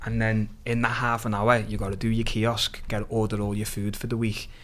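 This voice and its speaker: A young man from Liverpool with a Liverpool accent, a podcast guest telling stories in animated, sweary, slang-heavy casual chat. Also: lowish voice, fairly quick.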